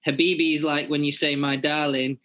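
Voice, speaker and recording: A man's voice: fairly high pitch, little pitch movement, brisk, sharp tone. A man on a podcast panel, chatty and self-deprecating in casual talk. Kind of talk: casual chat.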